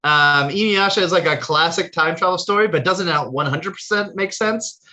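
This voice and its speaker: A man's voice: fairly high pitch, moderate pace, sharp tone. A young man co-hosting a casual podcast chat, rambling and laughing often as he explains. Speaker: podcast co-host.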